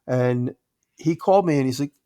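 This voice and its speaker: A man who works as a woodworker, a guest in a casual podcast chat, telling stories in an animated way. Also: medium pitch, normal speed, clear, resonant tone. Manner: animated storyteller acting out voices.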